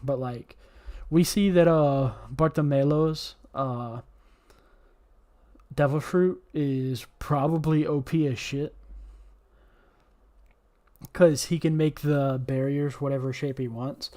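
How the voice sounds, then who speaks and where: A man's voice: fairly high pitch, steady tone, slow, long pauses, warm tone. A man hosting a casual podcast chat, rambling with lots of fillers and swearing. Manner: rambling, heavy on fillers and profanity. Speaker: podcast host.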